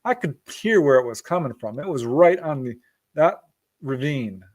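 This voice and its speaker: A man's voice: on the high side, animated, moderate pace, a little mellow. A middle-aged man telling a story as a podcast guest, acting out quoted voices and laughing often. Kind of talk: casual storytelling interview.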